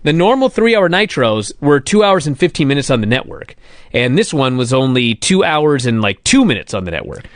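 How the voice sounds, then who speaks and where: A man's voice: medium pitch, very animated, fairly quick, dry recording. A man hosting a casual podcast chat, wry and teasing in his delivery. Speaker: podcast host.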